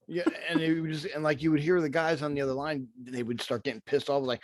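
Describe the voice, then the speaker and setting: A man's voice: fairly high pitch, steady tone, fast, no room sound. Hesitant, stammering man on a dry mic. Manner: hesitant, self-deprecating, stammering. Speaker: podcast guest. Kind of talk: casual chat.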